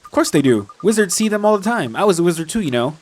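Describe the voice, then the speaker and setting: A man's voice: high-pitched, sing-song, quick pace, slight background noise, pitched above the performer's own voice. A man reading as a kindly old ghost sage. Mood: friendly.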